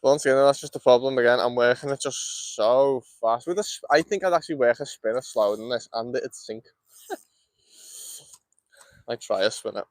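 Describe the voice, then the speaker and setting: A man's voice: medium pitch, no room sound. Chatty Scouse man fishing in the cold. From Liverpool, England. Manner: fast, chatty, laughs often. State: cold, shivering. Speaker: fishing streamer. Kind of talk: casual live-stream chat while fishing. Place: outdoors by a lake.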